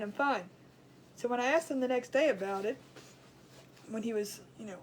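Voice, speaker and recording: Chatty woman with a high voice. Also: slight background noise. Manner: chatty, rambling, animated when retelling, colloquial. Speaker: craft livestream host. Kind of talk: casual storytelling chat.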